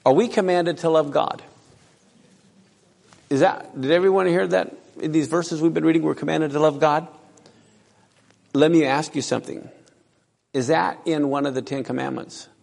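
In a reverberant hall, a man delivers a sermon, quizzing his audience and reading scripture passages aloud. He has a fairly high, gravelly voice with a slightly mellow edge.

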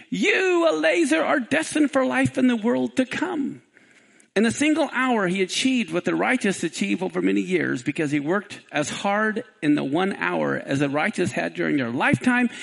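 High gravelly preaching man. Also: low-quality recording. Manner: dramatic storytelling, voice rising to near shouts on quoted pleas. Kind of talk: sermon.

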